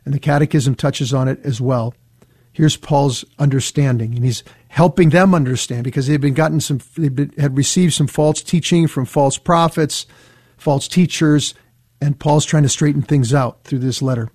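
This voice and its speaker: A man leads a Bible study, reading passages slowly before breaking them down. His voice sits a touch high, and the sound is close and dry with no room behind it. He talks with steady, earnest conviction. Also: no echo. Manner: reads verses slowly, then explains with earnest emphasis. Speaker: Bible teacher. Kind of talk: scripture reading and commentary.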